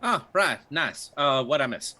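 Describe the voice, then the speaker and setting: A man playing a character in a tabletop game, declaring his actions in a lively, casual way. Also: medium pitch. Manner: lively, animated, quick declarations. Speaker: player.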